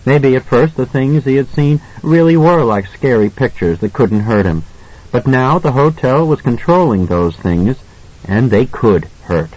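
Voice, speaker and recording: A man's voice: medium pitch, lively intonation, measured pace, a little mellow, lo-fi sound. Man reading a suspenseful novel. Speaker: audiobook narrator. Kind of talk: scripted narration.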